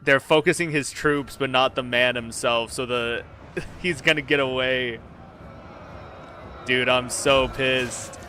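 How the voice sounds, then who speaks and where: A young man giving live gameplay commentary as a streamer, excitable and swearing when frustrated. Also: medium pitch, slow pace, a little hiss or hum. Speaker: game streamer.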